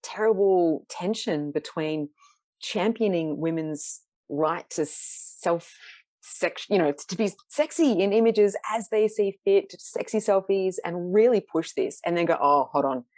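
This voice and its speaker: Low-voiced woman, dry and close. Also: measured pace, warm tone, dry recording. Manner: candid, reflective, laughs often. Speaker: podcast guest, researcher and photographer. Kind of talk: casual conversational interview.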